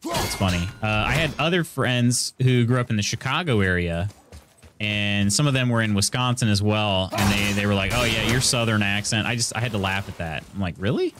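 A man's voice: fairly low pitch, fairly quick, music in the background. A man from central Illinois giving casual live commentary while streaming a game, thinking aloud and greeting his chat. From central Illinois, USA.

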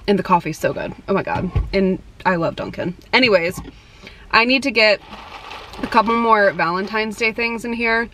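Filmed on a phone across her home, car and various stores, this twenty-something vlogger gushes in a bubbly, casual way, peppering her speech with "like." She has an expressive mid-range voice, a bit bright, at normal speed, with a little hiss or hum in the audio.

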